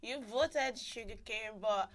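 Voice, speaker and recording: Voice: mid-range voice, slow. A host running a casual live radio chat show, upbeat and giggly as she explains how listeners vote.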